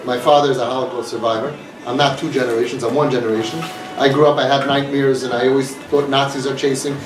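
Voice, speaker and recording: A man's voice: medium pitch, level tone, fast talker. A man giving an earnest, emphatic talk to an audience, repeating his points, recorded from a distance. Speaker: inspirational speaker. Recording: echoey room, mic far off, faint noise.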